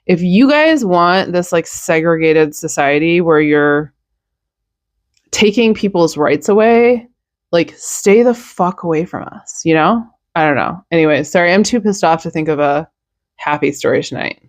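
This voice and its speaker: A woman's voice: lowish voice, animated, a little slow, no room sound, studio quality. A young woman hosting a news podcast, ranting bluntly in a casual, profane monologue, sounding tired.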